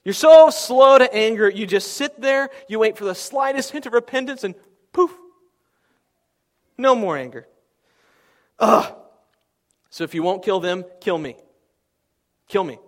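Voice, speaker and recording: A man's voice: high voice, expressive, slow, long pauses, pitched above the performer's own voice. A man voicing a furious adult prophet who rants at God in exasperated, whining bursts. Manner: exasperated ranting.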